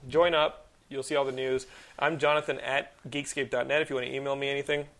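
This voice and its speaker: Man, 30s, podcast host, gravelly voice, mid pitch, animated rambling storyteller, swears a lot. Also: fast talker. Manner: animated storyteller, swears freely, rants loudly. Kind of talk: casual chat.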